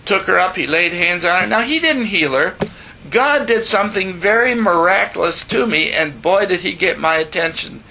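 Bright high-voiced man in his seventies. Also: animated, normal speed, a little hiss or hum, low-quality recording. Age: 70s. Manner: earnest storytelling with emphatic exclamations; chatty banter with the audience. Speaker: preacher. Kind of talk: sermon testimony.

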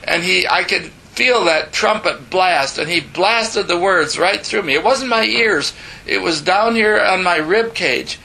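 A man's voice: sits high, a little slow, gravelly, bright, forceful tone, low-quality recording. A man in his seventies preaching a sermon, telling his own story earnestly with emphatic asides and bantering with the audience. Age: 70s. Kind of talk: sermon testimony.

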